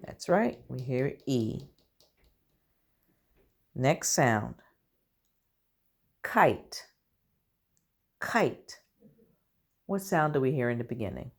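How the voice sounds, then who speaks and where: A woman teaching a recorded early-grade reading lesson, slow and deliberate, encouraging the children. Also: extremely low pitch, lively intonation, vocal fry, darkish tone.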